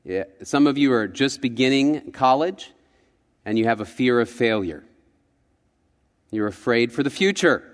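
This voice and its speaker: A man's voice: mid-range voice, lively intonation, a little slow, long pauses. A man preaching a sermon as a pastor, in a conversational, reflective storytelling manner. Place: church sanctuary. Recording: long church-hall reverb.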